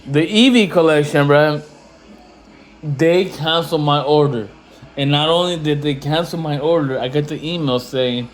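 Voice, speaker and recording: A man ranting casually to camera in slangy, profane talk, getting louder when he is indignant. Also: a little high, normal speed, rough recording. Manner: slangy, animated, swears freely; rising loud when indignant. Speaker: investing vlogger.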